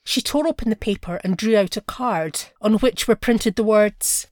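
A woman reading a classic short story aloud in a measured, expressive storytelling manner. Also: medium pitch, dry recording, clean studio sound. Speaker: narrator. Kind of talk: scripted story narration.

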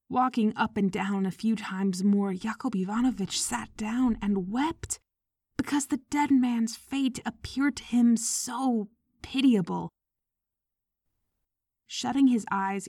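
A woman reading a short story aloud, slow and soft, sometimes sinking into a whisper. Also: mid-range voice, dry recording, studio quality. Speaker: narrator. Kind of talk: audiobook narration.

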